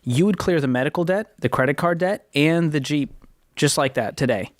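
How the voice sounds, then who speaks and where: A man co-hosting a call-in money advice show, coaching a caller in a blunt, energetic, joking way. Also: a little high, normal speed, no room sound, clean studio sound.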